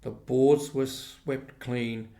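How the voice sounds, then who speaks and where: A man reading a classic children's story aloud in a slow, unhurried storytelling manner. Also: mid-range voice, steady tone, vocal fry, dark tone, roomy sound. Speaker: storybook reader.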